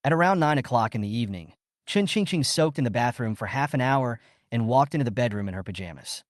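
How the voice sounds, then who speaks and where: A man reading a scripted story recap as its narrator, in a steady storytelling manner. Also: medium pitch, quick pace, dry recording, clean studio sound.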